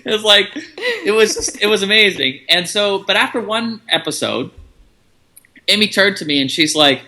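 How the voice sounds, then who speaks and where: Man, interview guest, casual storytelling, very bright tone, somewhat high pitch. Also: brisk. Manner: relaxed, chatty, acts out quoted dialogue.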